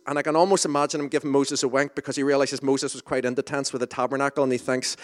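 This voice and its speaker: A man's voice: medium pitch, little pitch movement, very fast, hardly any pauses. A man preaching an informal sermon in a conversational, self-deprecating way, with asides and restarts. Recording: reverberant hall.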